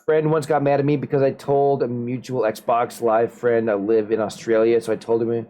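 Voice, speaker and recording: A man's voice: medium pitch, normal speed. A man from the Upper Midwest, hosting a stream in casual chat and telling rambling, joking stories. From Upper Midwest United States. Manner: rambling storyteller, animated and joking. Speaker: streamer host.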